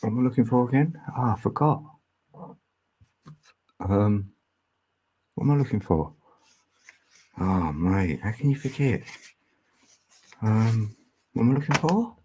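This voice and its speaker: A man's voice: on the low side, expressive, a little slow, pauses often, dark tone, slight background noise. A man talking in a rambling, chatty livestream monologue, laughing often and thinking aloud. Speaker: livestream host.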